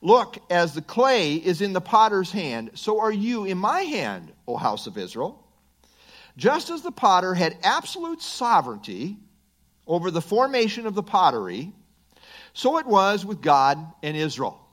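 Animated, lively-pitched male Bible teacher. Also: measured pace. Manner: animated, emphatic, chuckles often, asides.

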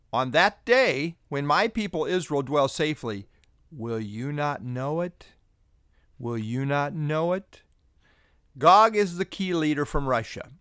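A man giving a scripted Bible teaching, deliberate and emphatic, slowing down to stress key phrases. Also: a little high, a bit bright, no echo, studio quality.

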